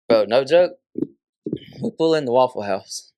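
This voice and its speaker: A young man, a podcast guest, telling a story in a casual, animated way, laughing often and swearing a lot. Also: mid-range voice, measured pace, no room sound, studio quality.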